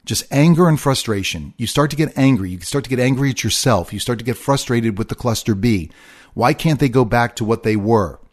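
A man's voice: medium pitch, brisk. A middle-aged man hosting a solo podcast, talking in an earnest, confessional way and repeating his phrases. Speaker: podcast host.

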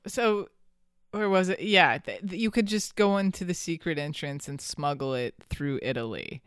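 A podcast host telling a story in casual chat, animated and quick to laugh. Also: medium pitch, smooth, no room sound, clean studio sound. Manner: animated, laughing often, some restarts.

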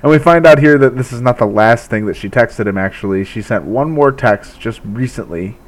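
A man's voice: medium pitch, lively intonation, normal speed. Chatty man recapping an episode. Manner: chatty, laughs often, many filler likes. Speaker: recap host.

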